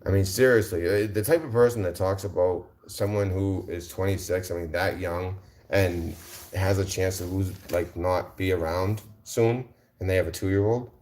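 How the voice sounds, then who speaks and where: A man's voice: low-pitched, fairly even intonation, normal speed, darkish tone. A male livestream host answering his chat in a combative, mocking rant, repeating his insults.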